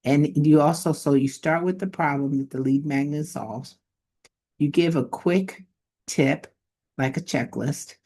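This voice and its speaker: A woman's voice: deep voice, measured pace, mellow. Chatty woman giving marketing tips. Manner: conversational, modest, thinks aloud. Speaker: online marketing coach. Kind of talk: casual tips talk to camera.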